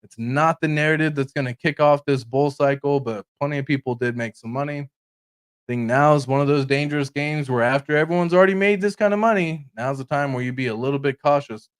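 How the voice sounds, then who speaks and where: A man's voice: a little high, fairly quick, smooth. A man hosting a crypto livestream, swearing and laughing hard while reacting to clips and reading viewer confessions. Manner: laughing, profane, reads confessions aloud. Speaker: crypto streamer host. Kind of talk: casual livestream commentary.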